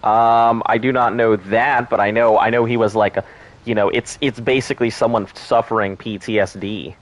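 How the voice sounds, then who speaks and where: A man's voice: fairly low pitch, steady tone, moderate pace. Guy streaming a game, rambly and crude, just joking around with chat. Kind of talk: casual gameplay commentary.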